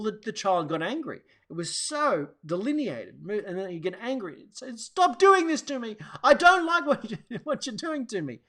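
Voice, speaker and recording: Rambling man hosting a wellness show. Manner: rambling, restarts often, acts out quotes in a high voice. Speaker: host. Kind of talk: casual monologue to viewers.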